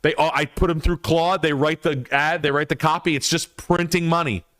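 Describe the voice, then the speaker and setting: A man's voice: fairly high pitch, steady tone, moderate pace, fairly bright tone, close to an everyday voice. A man mimicking a boastful male passive-income guru in a smug, bragging manner.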